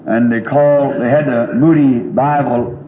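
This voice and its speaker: A man's voice: mid-range voice, fairly even intonation, measured pace, a crowd in the background. An older man preaching a sermon, telling stories in a folksy, rambling way and chuckling often. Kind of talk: sermon storytelling. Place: large church hall. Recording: tinny old recording in an echoey hall with faint hiss.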